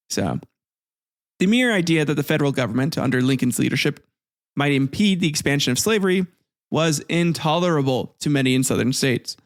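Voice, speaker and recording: A man narrating history with profane, laughing, sarcastic asides. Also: a little high. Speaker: host.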